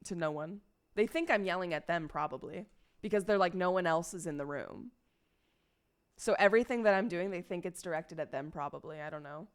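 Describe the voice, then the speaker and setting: A woman's voice: lowish voice, fast. A young woman streaming, chatting casually and rambling to her viewers, swearing freely along the way.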